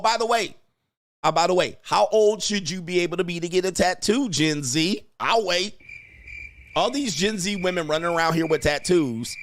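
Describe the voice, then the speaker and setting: A man's voice: mid-range voice, fairly bright tone. Brash man hosting a reaction stream. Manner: brash, mocking, repeats "all right". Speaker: host. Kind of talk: reaction livestream commentary.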